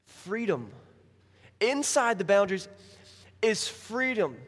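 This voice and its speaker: A man's voice: sits high, slow pace. A man preaching a sermon as a pastor, telling stories with acted-out voices. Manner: animated storytelling with acted-out voices. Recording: hall reverb.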